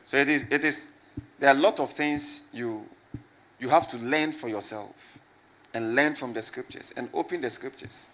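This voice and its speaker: A man's voice: medium pitch, moderate pace, bright, forceful tone. Man preaching with call-and-response. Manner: call-and-response preaching, repeats questions to the crowd. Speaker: pastor. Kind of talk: sermon to a congregation.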